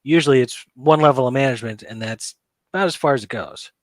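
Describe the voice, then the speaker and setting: A man hosting a podcast who asks measured questions in casual conversation. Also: medium pitch, no room sound. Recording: dry close sound.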